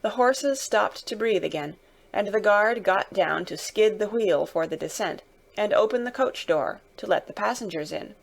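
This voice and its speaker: A woman narrating a classic novel, reading dramatically and raising her voice for the characters' shouted lines. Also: medium pitch, expressive, moderate pace, vocal fry.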